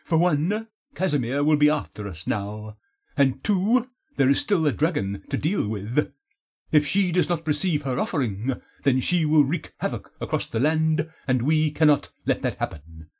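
A man's voice: on the high side, lively intonation, moderate pace, darkish tone, breathy edge. A man voicing a stern, commanding male leader in an audiobook, firm and decisive. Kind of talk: audiobook character voice.

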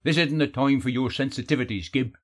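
Brief: man voicing a snappish wizard, husky, near-natural voice. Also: medium pitch, fairly even intonation, a little fast, natural voice. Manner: curt, snappish. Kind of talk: audiobook character voice.

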